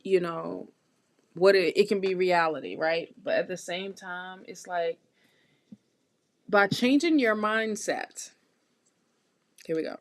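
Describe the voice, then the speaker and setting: A woman giving a live tarot reading, talking straight to her viewers in a warm, encouraging, chatty way with lots of repeats and restarts. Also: on the low side, steady tone, moderate pace, no echo. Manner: loose, chatty phrasing with restarts. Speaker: tarot reader hosting a live stream.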